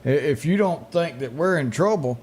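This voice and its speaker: A man's voice: a little high, lively intonation, moderate pace, darkish tone, husky. A man co-hosting a radio talk show, speaking in an earnest, preachy way. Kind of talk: casual talk.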